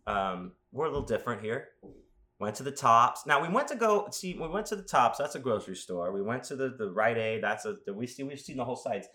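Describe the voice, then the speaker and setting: A man chatting casually as a podcast host, telling rambling stories with crude jokes and animated asides. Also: medium pitch, a little fast. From Las Vegas. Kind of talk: casual chat.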